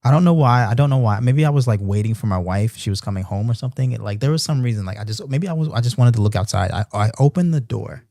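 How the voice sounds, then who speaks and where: Animated man telling a story. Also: mid-range voice, quick pace, hardly any pauses, no echo, studio quality. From Baltimore. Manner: animated storyteller, loose slang, many restarts. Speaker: host of a Bible reading stream. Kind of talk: casual storytelling chat. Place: apartment in Japan.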